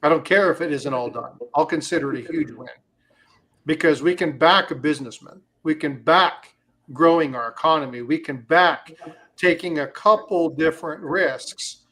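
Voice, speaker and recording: A man's voice: fairly high pitch, fairly bright tone. A man hosting a casual livestream, talking in a rambling way with many fillers and telling stories. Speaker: crypto livestream host.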